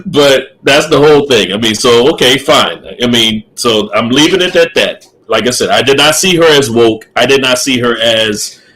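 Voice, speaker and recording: A man's voice: medium pitch, moderate pace, few pauses, fairly bright tone, low-quality recording. A middle-aged man co-hosting a casual podcast chat, opinionated, repeating himself and laughing often. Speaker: podcast co-host.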